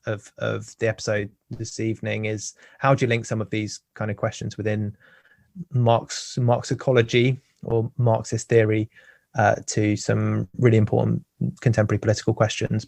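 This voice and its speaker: A man hosting a conversational podcast interview, halting and often repeating words as he talks. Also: fairly low pitch, creaky, no room sound. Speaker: podcast host.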